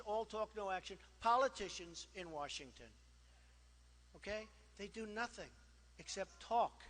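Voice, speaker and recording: Speaking at a rally in a large hall, a man running for office boasts, repeats himself and wanders into asides in a conversational style. His voice is extremely high and fairly bright, carried by long hall reverb from the PA.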